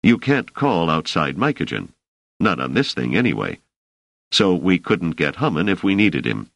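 Brief: man voicing a deep-voiced, dryly exasperated scholar for an audiobook, close and dry. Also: very animated, normal speed, creaky, fairly bright tone, no room sound, heavily acted. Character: wary male scholar, a guest in a strange place.

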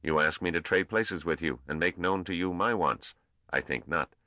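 A man reading an audiobook voices a small, scornful old male ruler who speaks in a curt, squeaky, coldly formal manner. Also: normal speed, pushed and bright, no echo. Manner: snapping, intoning, coldly formal. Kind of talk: audiobook character voice.

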